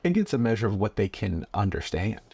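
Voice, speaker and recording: A man with a fairly low, husky voice talks calmly and earnestly. He explains things as a guest in a casual interview. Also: brisk, dry recording. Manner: calm, earnest, acts out parent-child dialogue.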